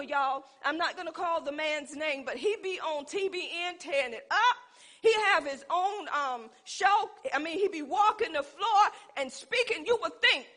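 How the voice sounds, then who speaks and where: A woman's voice: extremely high pitch, animated, normal speed, sharp tone. A woman preaching a sermon, calling out to her congregation and building to fervent emphasis. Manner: call-and-response preaching, rising to fervent emphasis.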